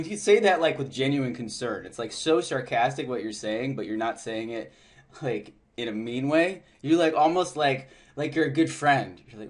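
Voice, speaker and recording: A man's voice: mid-range voice, moderate pace. Brief: male dating coach, casual instructional chat, mid-range voice, laughs a lot, rambling fillers. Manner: chatty and loose, often laughing, heavy with "like" and "you know".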